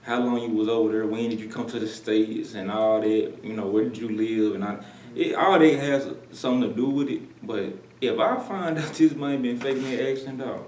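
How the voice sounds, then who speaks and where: A man's voice: medium pitch, moderate pace, few pauses, darkish tone, echoey room, distant mic, low-quality recording. A man chatting casually as a co-host, laid-back and slangy. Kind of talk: casual chat.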